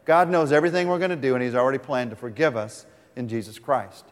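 A pastor preaching a sermon, earnest, reading scripture aloud with the congregation. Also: male voice, medium pitch, fast. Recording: long reverb of a large hall.

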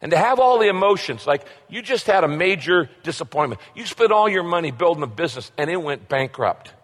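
A man's voice: on the high side, animated, a little fast, fairly bright tone. A middle-aged man preaching a sermon as a pastor, emphatic and repetitive, asking rhetorical questions. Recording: long hall reverb.

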